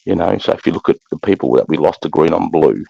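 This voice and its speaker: Brief: Australian ex-soldier, very low and gravelly, blunt and profane, dry muffled recording. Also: male voice, quick pace, mellow, no echo. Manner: blunt, profane, keeps saying mate. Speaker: army veteran guest. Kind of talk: casual war storytelling.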